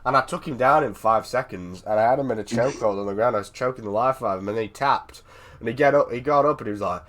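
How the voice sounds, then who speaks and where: A British man chatting casually with a friend, telling an animated story, swearing freely and often restarting his sentences. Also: mid-range voice, fast talker. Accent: British English. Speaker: streamer. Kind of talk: casual chat on a voice call.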